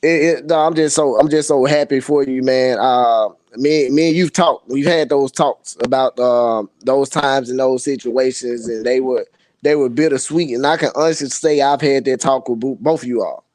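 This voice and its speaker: A male podcast co-host speaks in a casual, supportive way, pausing to find his words and often adding "you know what I'm saying". His voice is mid-pitched for a man. The sound is dry and close to the mic. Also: steady tone, darkish tone, dry recording.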